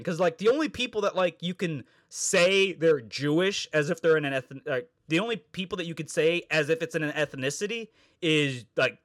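Guy chatting on a podcast, kinda high voice, rambles, swears a lot. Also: expressive, brisk, few pauses, a bit bright. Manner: rambling, profane, laughs often. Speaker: podcast co-host. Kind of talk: casual chat.

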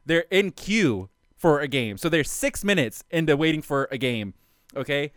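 Male co-host, chatty story-teller, lots of cursing, somewhat high, clear dry voice. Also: moderate pace, dry recording. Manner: animated, swearing, laughing through the story. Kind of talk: casual storytelling chat.

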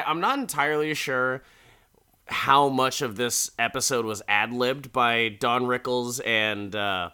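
A man casually recaps an episode with crude jokes and frequent laughter. His voice is bright and sharp, at a middling pitch. He rambles in a loose, conversational way. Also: clear, resonant tone. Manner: chatty, laughing, crude asides. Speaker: podcast host recapping an episode.

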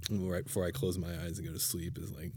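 A man's voice: low voice, level tone, fast talker, dark tone, slightly rough. A young man chatting casually as a podcast co-host, hesitant and trailing off often. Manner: hesitant, many fillers and trailing off. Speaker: podcast co-host, band member. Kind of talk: casual chat.

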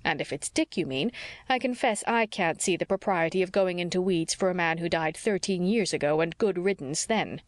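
Woman reader doing blunt gossipy older village woman, low voice, dry close sound. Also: moderate pace, no echo, close to an everyday voice.

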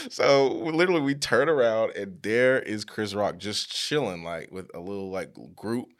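A young man with a fairly low voice tells a story in relaxed podcast chat. He is animated and slangy, and often laughs while talking. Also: normal speed. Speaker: podcast co-host.

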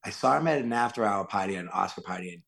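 A man's voice: fairly low pitch, fast, vocal fry. A man from Worcester, Massachusetts, a guest actor rambling casually through anecdotes and acting out the quotes. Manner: animated, rambling, acts out quotes loudly.

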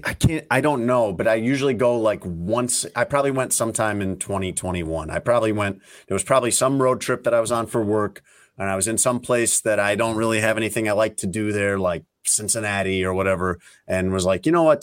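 A man's voice: lowish voice, a little fast. A man hosting a podcast, chatting casually and teasing his co-hosts as he rambles through stories. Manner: animated, teasing, rambling storyteller. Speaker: podcast host. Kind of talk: casual banter.

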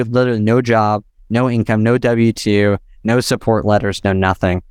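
Man, young adult, podcast guest, animated storyteller, clear voice, dry sound. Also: fairly low pitch, no echo. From United States. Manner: animated, fast-talking, heavy use of "like" and "literally".

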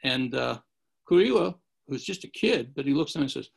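A man's voice: mid-range voice, animated, brisk, creaky, breathy edge. A man telling rambling martial arts anecdotes in a casual chat, acting out the quotes. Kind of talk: casual storytelling.

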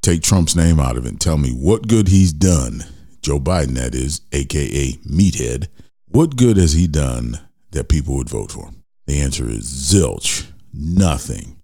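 A man's voice: rumbling low, expressive, a little slow, warm tone. A man hosting an opinion talk show, speaking bluntly and ranting straight to his listeners. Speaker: podcast host.

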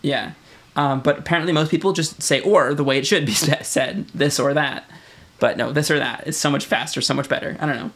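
A man's voice: fairly high pitch, fast talker, fairly bright tone. A man with a Michigan accent, co-hosting a casual podcast and explaining things with many "right?" checks. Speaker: podcast co-host. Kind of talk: casual chat.

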